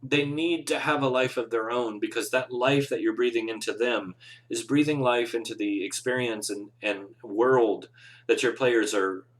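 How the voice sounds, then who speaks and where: A man's voice: medium pitch, fairly even intonation, moderate pace. Earnest encouraging male game master. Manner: earnest, encouraging, rambling with restarts. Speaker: game master, podcast host. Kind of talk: casual advice talk on a live show.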